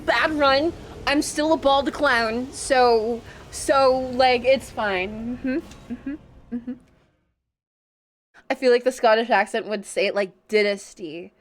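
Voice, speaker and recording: A woman with a fairly high voice speaks slowly while streaming a video game as a VTuber. She chats casually with her audience and playfully protests their teasing with mock indignation.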